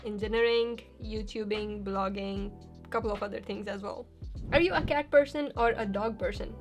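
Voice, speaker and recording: A young adult woman chatting casually as a YouTuber answering viewer questions, upbeat, with thinking pauses and cheerful bursts. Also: mid-range voice, soft background music. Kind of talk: casual Q&A chat.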